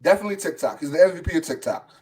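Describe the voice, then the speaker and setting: A man's voice: on the high side, expressive, very fast, darkish tone, husky. A man co-hosting a sports podcast, teasing and pushing his point insistently in casual debate. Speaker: podcast co-host.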